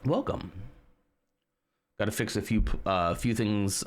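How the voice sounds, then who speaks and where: Man, very deep voice, live streamer, rambling casual chat, answers viewers. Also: slow.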